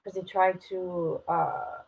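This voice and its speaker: A woman's voice: on the low side, little pitch movement, slow pace, vocal fry, low-quality recording. A woman streamer giving blunt live commentary on court footage, talking straight to her viewers.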